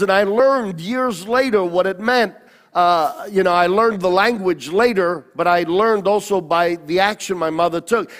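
A man preaching a personal testimony sermon, telling his story in an animated, halting way with restarts. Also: sits high, big-room sound.

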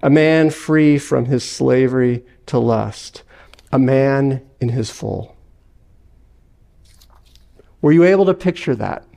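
Gravelly-voiced male pastor preaching. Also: medium pitch, warm tone. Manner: storytelling, measured. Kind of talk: sermon.

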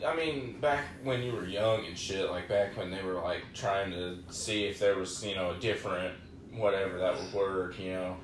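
A man's voice: low voice, moderate pace, far from the mic. A young man in a casual podcast chat, rambling and profane, with lots of fillers. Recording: echoey room with faint noise.

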